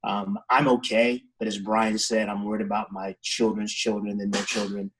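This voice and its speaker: A man giving heartfelt, halting closing remarks on a video call, close to tears. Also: lowish voice, level tone, fairly bright tone, slight background noise, rough recording. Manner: heartfelt, halting, faith-centered. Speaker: head coach.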